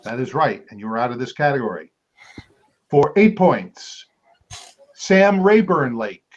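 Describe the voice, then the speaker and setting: A man hosting a trivia quiz, reading clues aloud and repeating each one slowly. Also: medium pitch, lively intonation. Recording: dull lo-fi amateur recording.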